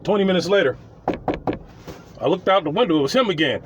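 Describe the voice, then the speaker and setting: A man's voice: sits high, expressive, fast talker, lo-fi sound, noisy background. A man telling a story about his tenants, blunt and profane, rambling and repeating himself. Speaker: landlord telling tenant stories. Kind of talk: casual storytelling.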